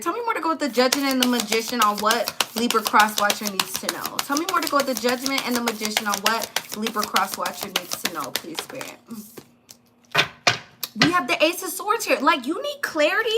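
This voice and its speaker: A woman's voice: a little high, heavy background noise. A woman giving a live tarot reading, chatty and blunt, talking straight to her viewers. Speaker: tarot reader.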